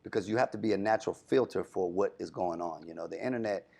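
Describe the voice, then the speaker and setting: A man's voice: sits low, fast talker, gravelly, dark tone. A young adult man, a radio DJ, talking earnestly and emphatically in a casual interview, often saying "you know what I'm saying.". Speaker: radio DJ guest.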